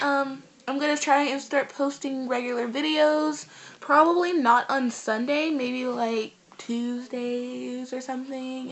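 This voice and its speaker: A teenage girl tells a story in a loose, chatty vlog. She rambles along, full of fillers and asides, and her voice sits a little high. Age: teens. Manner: animated, rambling, lots of fillers. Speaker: vlogger.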